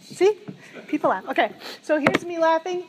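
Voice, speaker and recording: A middle-aged woman preaching a sermon, telling a story with lively, laughing energy. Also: very high-pitched, moderate pace, noisy background. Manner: animated storytelling, laughing as she recounts a vision.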